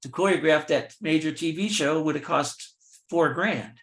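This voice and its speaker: An older man, a guest in an interview, telling lively anecdotes and acting out the voices of the people in them. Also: on the high side, normal speed, echoey room. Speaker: film extra and actor, guest. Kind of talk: storytelling in an interview.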